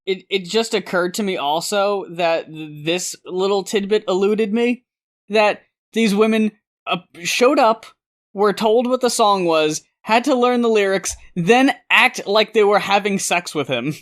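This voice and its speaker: A podcast co-host of middling pitch talking in a dry, sarcastic tone. The delivery is casual and full of swearing. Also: measured pace. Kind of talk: casual chat.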